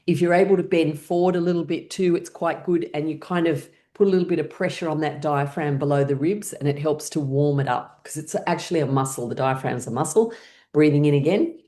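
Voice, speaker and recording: A woman with a fairly low voice leads a guided laughter class. She talks listeners through each step in an encouraging way and breaks into playful laughs between instructions. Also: brisk, dark tone.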